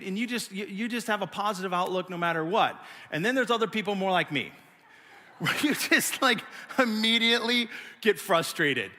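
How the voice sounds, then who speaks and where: Bright, high-voiced pastor in a reverberant hall. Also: male voice, fairly quick. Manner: animated storytelling, acting out his own pouting. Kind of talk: sermon.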